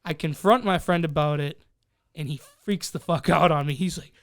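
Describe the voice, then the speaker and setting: A man's voice: a little high, moderate pace, no echo, clean studio sound. A young man co-hosting a podcast, telling a story casually among friends, swearing freely and acting out what people said. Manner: profane, animated, acts out quoted voices. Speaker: podcast co-host.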